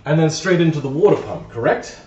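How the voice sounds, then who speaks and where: A man with a slightly high, animated voice talks a little fast as he works on a car during a live stream, bantering with himself in a self-mocking way. He's in a garage or workshop, and the distant mic sounds echoey and dull, with background noise.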